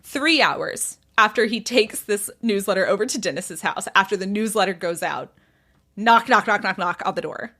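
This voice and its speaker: A woman's voice: medium pitch, moderate pace. A woman hosting a podcast, telling a gossip story in casual chat, laughing often and acting out what the people in it said. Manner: animated, laughs often, acts out characters' lines. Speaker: podcast host.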